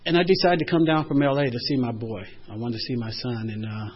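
Animated man telling a personal story. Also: mid-range voice, quick pace, muffled recording. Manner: animated, swings from loud to hushed.

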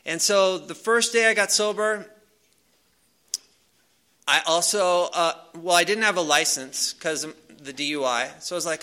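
A man's voice: sits high, a little slow, pushed and bright, smooth. A man casually telling a personal story to a live audience. He rambles loosely, with many fillers and restarts. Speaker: speaker sharing a recovery story.

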